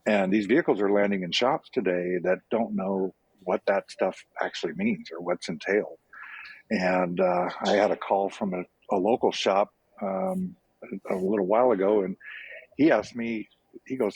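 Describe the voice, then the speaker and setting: A man's voice: low voice, normal speed, darkish tone, breathy edge, no room sound, poor audio. A man who runs a repair shop, speaking conversationally on an industry panel. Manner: conversational, with many fillers. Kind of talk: panel discussion.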